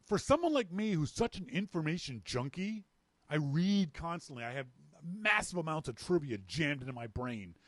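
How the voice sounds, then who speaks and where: A man from Canada hosting a podcast, telling a story in a casual, animated way and acting out the lines of people in it. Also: on the high side, normal speed, no room sound. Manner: animated, acts out quoted dialogue. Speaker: podcast host.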